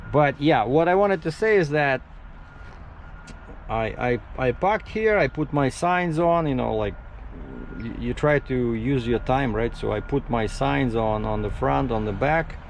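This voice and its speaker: A male truck driver talks through his morning in a loose, rambling vlog, recorded outdoors at a truck parking spot. His voice sits at a middle pitch, and a faint hum of outdoor noise lies behind it. He restarts his sentences and drifts from one topic to the next. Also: poor audio. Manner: rambling, jumps between topics, frequent restarts. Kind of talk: casual vlog monologue.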